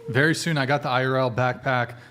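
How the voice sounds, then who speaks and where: A man's voice: medium pitch, fairly even intonation, fast, fairly bright tone, a little hiss or hum. A man hosting a live podcast, chatting casually and swearing freely while giving orders to his crew. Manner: loose, profane, directs the crew. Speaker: podcast host. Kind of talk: casual live-stream banter.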